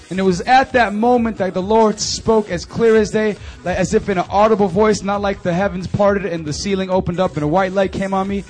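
A young man in his twenties giving an animated, chatty testimony and announcements to a youth group at a church service. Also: sits high, fast, hardly any pauses, soft background music. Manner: animated and conversational, full of fillers. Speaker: youth ministry speaker.

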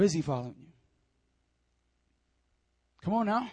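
A male pastor with a high, bright-toned voice, preaching with animated energy. He swings from loud, urging calls to hushed, intimate asides, leaning on repeated rallying phrases. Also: moderate pace, pauses often. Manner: repeats calls like "come on now" and "I'm telling you". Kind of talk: sermon.

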